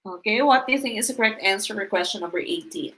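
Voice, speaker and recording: A woman's voice: medium pitch, expressive, quick pace, a bit bright. A Filipino-accented woman running a live-stream exam review lesson, reading quiz items and answer choices aloud and explaining each answer step by step with polite Tagalog asides. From Philippines. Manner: mixes English with Tagalog, adds polite "po".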